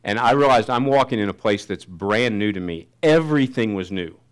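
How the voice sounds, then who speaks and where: Man, pastor, sermon, lowish voice, verses read slowly, storytelling. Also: expressive, clear, resonant tone. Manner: slows down to read scripture, then tells a story.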